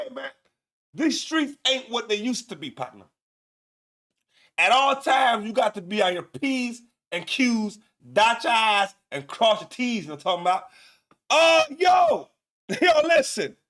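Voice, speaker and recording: A man hosting a casual news commentary show, loud and profane, laughing often and repeating himself. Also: extremely high pitch, normal speed. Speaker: show host.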